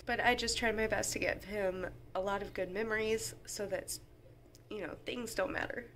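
A chatty, sentimental woman in her thirties talks straight to the camera from her home, in a bright, forceful voice. A faint hum of household noise sits behind her. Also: medium pitch, fairly even intonation, moderate pace. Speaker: mom vlogger. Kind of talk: casual talk to camera.

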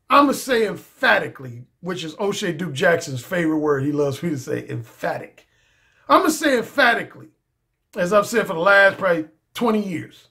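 A male dating coach talking straight to camera in a casual monologue. His voice sits fairly high for a man, and he hammers his points home emphatically, repeating phrases in relaxed slang.

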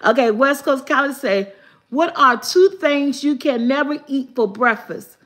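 A woman chats casually on a live stream, reading her viewers' riddles aloud. Her voice sits high, and she talks slowly, repeating each question and breaking into laughter often. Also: a bit bright.

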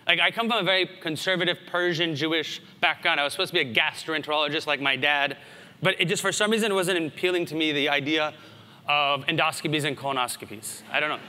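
A man in his thirties, from the United States, giving a conference keynote in an animated storytelling way with asides. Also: on the high side, quick pace. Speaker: conference speaker. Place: large conference hall. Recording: hall reverb.

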